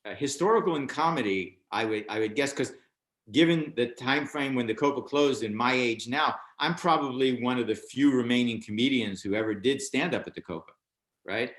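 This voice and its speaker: An older American man recounts his early comedy days in a relaxed interview. He talks in an animated way, his pitch leaping up whenever he quotes someone else. The sound carries a roomy echo. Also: moderate pace. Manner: animated, acts out other people's lines with raised voice. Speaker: stand-up comedian guest. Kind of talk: storytelling anecdote in a casual interview.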